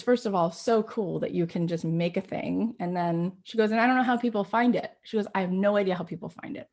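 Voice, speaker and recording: A woman host in her forties giving a spiritual talk, telling a story with lively dialogue and then reflecting in a teaching tone. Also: a little fast. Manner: animated storyteller, acts out quoted dialogue with rising pitch.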